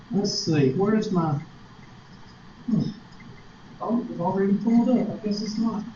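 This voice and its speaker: A man with a South Carolina Southern accent teaches a math class, joking and wandering off topic, often tossing rhetorical questions at his students. His voice sits a little high for a man. The classroom recording is dull and lo-fi, with a faint hiss underneath. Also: takes it slowly, long pauses, dark tone. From Upstate South Carolina, US. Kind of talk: classroom lecture with digressions.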